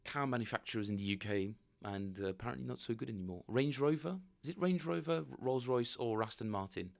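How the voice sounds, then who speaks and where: A man's voice: mid-range voice, a little fast, vocal fry. A man casually chatting with viewers on a live stream, rambling and joking as he reads chat aloud. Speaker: bass player streaming practice.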